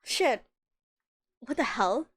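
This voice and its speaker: A young woman streaming a video game live, chatting casually. She is excitable, greets viewers, and swears now and then. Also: fairly high pitch, slow pace, breathy edge. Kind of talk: casual livestream commentary.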